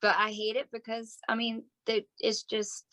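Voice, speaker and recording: A woman with a bright, fairly high voice joins a casual conversation, laughing easily and adding to the story. The sound is close and dry, with no room around it. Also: monotone, normal speed, no room sound. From Southern US. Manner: giggly, chiming in with laughter. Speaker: touring band musician, guest. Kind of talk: casual chat.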